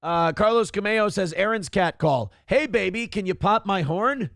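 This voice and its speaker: A man with a fairly high, gravelly voice hosts a casual morning talk show. He reads out viewer comments in a crude, joking, mock-announcer manner. The sound is dry and close. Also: lively intonation, normal speed, fairly bright tone, dry recording. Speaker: host of a live internet morning show. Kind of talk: casual comedic chat, reading viewer comments aloud.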